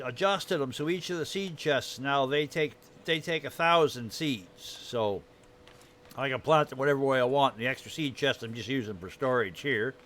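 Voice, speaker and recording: A man's voice: mid-range voice, a bit bright. A man streaming a game live, rambling casually about his farm build, his throat dry and irritated. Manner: rambling, chatty, greets viewers while showing his build.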